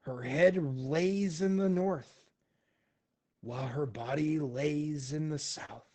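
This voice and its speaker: Hushed, slow-chanting greedy old seer, played by a man; mystic and unhurried. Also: a little high. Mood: prophetic. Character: greedy drooling old male alienist seer.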